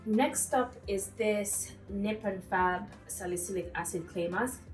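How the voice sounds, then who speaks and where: A young woman from Zambia telling a story in a casual, animated way while going through her skincare routine, with lots of asides to her viewers. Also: mid-range voice, measured pace, echoey room, faint music behind, rough recording. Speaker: beauty vlogger.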